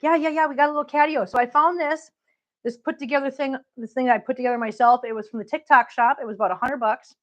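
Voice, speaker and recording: A woman's voice: high-pitched, steady tone, fast, dull audio. A woman vlogger walking around her home with a handheld phone, chatting casually and cooing at her cats in affectionate baby talk, laughing often. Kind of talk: casual live-stream chat. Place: home living room and outdoor catio.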